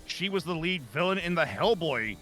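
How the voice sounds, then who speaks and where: A bright, forceful male voice that swings widely in pitch as he chats and jokes while building a model kit. He keeps up a playful, riffing banter. Soft music plays underneath. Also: normal speed. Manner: jokey, animated, riffing with quips. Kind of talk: casual chat while building.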